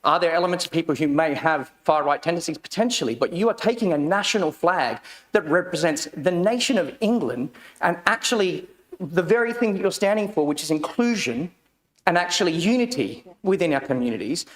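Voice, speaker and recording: A middle-aged man with an Australian accent, a county councillor answering a question in a heated, emphatic way that rises to shouting. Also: on the high side, animated, a little fast. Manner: impassioned, emphatic, rising to shouting. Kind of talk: council chamber debate reply. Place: large council chamber. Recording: long reverb of a council chamber.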